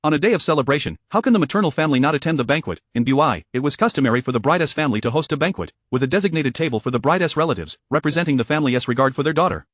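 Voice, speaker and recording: A man reading a romance story aloud as narrator, in a steady, even voice. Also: a little high, racing, hardly any pauses, no room sound, clean studio sound.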